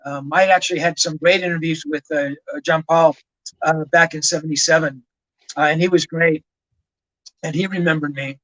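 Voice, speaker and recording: A man's voice: a little high, steady tone, normal speed, a bit bright, no room sound, rough recording. A man in his sixties, a rock journalist, telling frank, rambling stories in an interview and often adding asides. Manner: rambling, frank, full of "you know" asides. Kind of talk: conversational storytelling.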